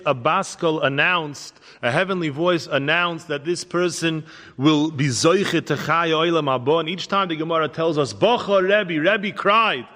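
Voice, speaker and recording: Male rabbi lecturer, fairly high and bright voice, long hall reverb, parable-driven teaching style. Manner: storytelling, teaching with parables, Hebrew terms woven in. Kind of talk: Torah lecture.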